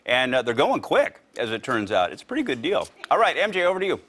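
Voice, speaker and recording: A man's voice: medium pitch, wildly swooping pitch, quick pace, a bit bright. A man reporting a live local news segment in a chatty, playful way.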